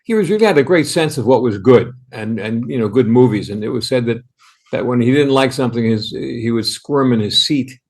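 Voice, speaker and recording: Animated old Bronx storyteller. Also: male voice, mid-range voice, brisk. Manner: animated, full of restarts and acted quotes. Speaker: guest. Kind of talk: anecdotal storytelling.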